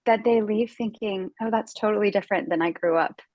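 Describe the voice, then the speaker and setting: A woman's voice: medium pitch, fairly quick, a little mellow, no room sound, rough recording. An American woman, a podcast guest, talking earnestly in casual conversation, with many fillers and restarts.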